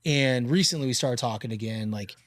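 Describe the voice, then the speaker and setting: A man in his forties hosting a podcast, telling stories in a casual, animated way and swearing freely. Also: mid-range voice, brisk, no echo, clean studio sound. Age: 40s. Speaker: podcast host. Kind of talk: casual interview chat.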